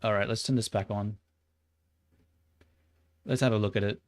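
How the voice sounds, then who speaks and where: A man's voice: fairly low pitch, fairly even intonation, moderate pace. A man chatting casually to himself as he works on a 3D model, swearing and puzzling over problems aloud. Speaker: 3D modeling streamer. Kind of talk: casual chat while working.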